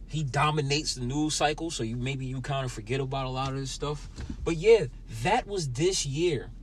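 A man's voice: medium pitch, normal speed, a little hiss or hum. A young man hosting a podcast, ranting with lots of swearing and talking straight at his listeners in a sour, angry mood. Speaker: podcast host. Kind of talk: profane solo podcast rant.

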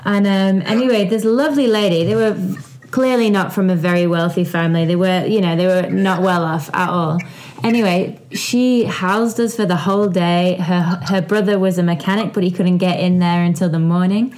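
A woman's voice: on the low side, steady tone, moderate pace, a little mellow. A woman chatting on a podcast, telling stories with lots of "like" and "um". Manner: chatty storyteller, filler "like" and "um". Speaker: podcast co-host. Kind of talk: casual podcast chat.

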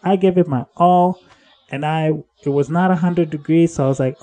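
A man's voice: normal speed, warm tone. Rambling man hosting a solo podcast. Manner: rambling, self-correcting, drifts between upbeat and low-key. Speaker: podcast host. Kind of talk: casual solo podcast monologue.

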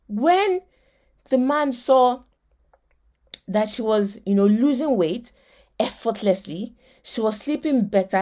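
Nigerian woman, fairly high voice, motivational podcast host, lively storyteller who acts out the people she quotes. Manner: preacher-like, quoting scripture.

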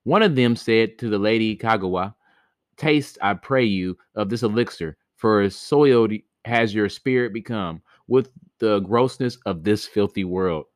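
A man with a lowish voice reads a myth a little slowly, in a studio-quality recording without echo. This podcast host keeps the storytelling casual, stumbling at times and adding laughing commentary about it.

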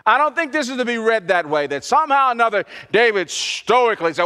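High, bright impassioned male preacher. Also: sing-song, fast, clear, resonant tone, in a large hall. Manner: swings from quiet and soft to loud and impassioned, repeating phrases for emphasis. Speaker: pastor. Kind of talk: sermon.

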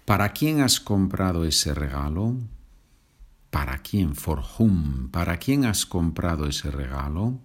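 Deep-voiced Spanish man teaching slowly. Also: sing-song. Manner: slow and patient, switching between English and Spanish example sentences. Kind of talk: language lesson podcast.

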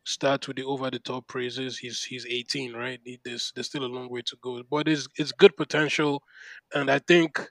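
A man co-hosting a casual podcast, talking in an animated, rambling way with lots of fillers. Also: mid-range voice, moderate pace, no room sound, poor audio. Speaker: podcast co-host. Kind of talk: casual chat.

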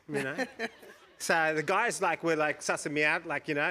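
A man from India, middle-aged, sits on a panel in front of a live audience. His voice sits high for a man. He tells his story in an animated way, acts out the people he describes and laughs often. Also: moderate pace. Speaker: panel guest. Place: stage before a live audience.

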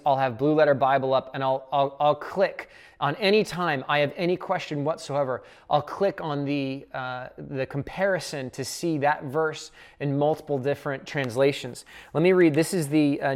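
Conversational Bible study teacher thinking aloud. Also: mid-range voice.

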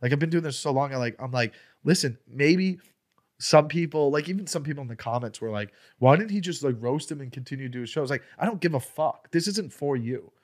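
A man's voice: medium pitch, fast talker. A young man, a stand-up comedian, talks through an anecdote in loose, casual podcast chat. He swears freely and acts out each exchange in a raised, heated voice, then drops back to an easy conversational tone. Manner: profane, animated, acts out quotes in raised voice.

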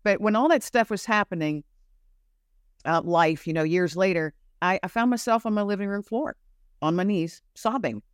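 A woman's voice: mid-range voice, moderate pace, smooth, dry recording. A middle-aged woman recounts a painful chapter of her life with raw, earnest emotion, her voice lifting when the memories press in. She sounds teary-eyed at moments. The recording is dry and close, with a mid-range voice. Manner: earnest, emotional storytelling, voice rising when intense. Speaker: interview guest. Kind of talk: personal testimony in an interview.

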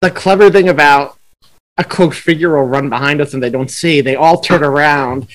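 A man with a slightly raised pitch co-hosts a casual podcast. He talks with enthusiasm and keeps picking out the moments he loved. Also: moderate pace, rough recording. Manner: enthusiastic, points out favorite moments. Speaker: podcast co-host. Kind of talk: casual chat recapping a TV episode.

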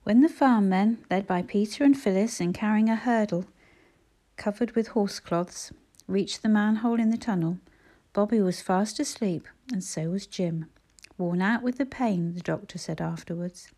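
A woman reading a classic children's story aloud with gentle, measured narration. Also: mid-range voice. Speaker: audiobook reader.

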